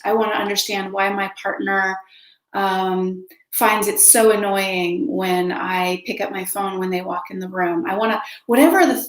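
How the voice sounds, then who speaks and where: A woman teaches in an earnest, emphatic way, often repeating her key words and acting out sample dialogue. Her voice sits at a middle pitch. The recording carries noticeable room echo. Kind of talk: spoken teaching talk.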